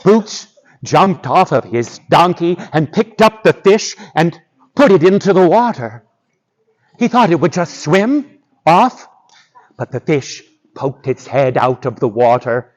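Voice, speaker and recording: A male storyteller telling a folktale live to schoolchildren, animated and drawing the audience in. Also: on the high side, slow pace, muffled recording.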